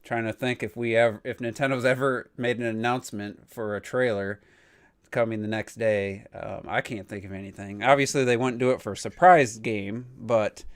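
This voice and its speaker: A man hosting a casual gaming podcast, rambling and restarting his sentences as he trails off softly. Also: on the low side, fairly even intonation, moderate pace, dry recording. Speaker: podcast host.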